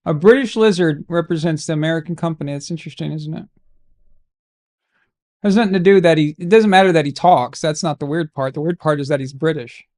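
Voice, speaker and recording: Joking man with a higher voice. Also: fairly quick, long pauses, a little mellow. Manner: rambling, jokey banter with sudden outbursts. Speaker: live-stream host. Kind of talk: casual watch-along chat.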